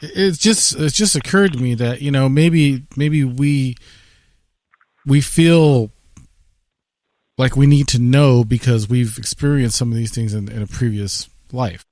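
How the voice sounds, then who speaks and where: A male radio host works his way through a question, stopping and restarting as he searches for words. His voice is mid-pitched, and the dry studio sound keeps him close. He speaks in a plain conversational tone. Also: a little slow, a little mellow, dry recording. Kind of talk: radio interview.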